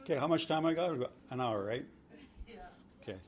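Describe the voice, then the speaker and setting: A man's voice: on the high side, lively intonation, fairly quick. A man sharing his recovery story at a convention, rambling, joking and swearing freely. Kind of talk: recovery-meeting share. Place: convention hall.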